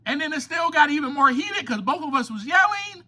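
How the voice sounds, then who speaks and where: A man hosting a recovery podcast, delivering an impassioned, preachy monologue that rises to near-shouts. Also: extremely high pitch, expressive, a little fast. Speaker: podcast host.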